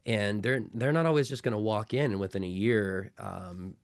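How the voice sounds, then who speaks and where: A man's voice: fairly low pitch, normal speed, dry recording, studio quality. A man on a panel speaking thoughtfully, often correcting himself as he goes. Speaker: panel guest. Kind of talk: panel discussion.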